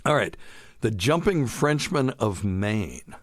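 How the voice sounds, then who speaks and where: A man's voice: on the low side, sing-song, slow pace, dry recording. A middle-aged man hosting a medical podcast, chatting in a jokey, rambling way. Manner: chatty, jokey, wanders off topic. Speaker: podcast host, doctor. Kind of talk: casual chat.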